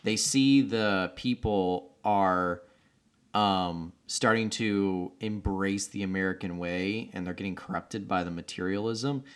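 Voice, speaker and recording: A man's voice: deep voice, slow, clean tone. A man co-hosting a podcast, chatting casually and laughing as he retells film scenes. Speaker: podcast co-host. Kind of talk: casual chat.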